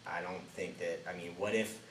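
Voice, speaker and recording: A hesitant, self-doubting Moses, as a man acts him out in a story retelling, stumbling and trailing off as he talks. The voice sits low and is heard from a distance in an echoey room. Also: steady tone, normal speed, fairly bright tone. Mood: unsure. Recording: roomy, distant mic, faint ambient noise.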